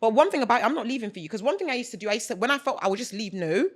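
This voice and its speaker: A woman's voice: on the high side, rapid-fire. A woman from the UK with a London accent, hosting a casual podcast chat and talking emphatically with lots of repetition. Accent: British (London). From United Kingdom. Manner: emphatic, animated storytelling with repetition. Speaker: podcast host.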